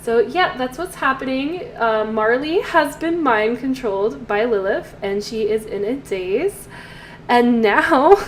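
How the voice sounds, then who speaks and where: A woman casually talking through her game, inventing a story as she plays. Her voice sits fairly high, and she speaks at an unhurried, drawn-out pace. Fillers and pauses break up her chatty storytelling. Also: a little hiss or hum. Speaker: let's play host.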